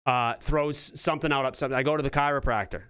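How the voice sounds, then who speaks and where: A comedian guest on a talk show, telling stories in a rambling, self-interrupting way. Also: male voice, medium pitch, fairly even intonation, fast, fairly bright tone. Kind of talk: casual storytelling chat.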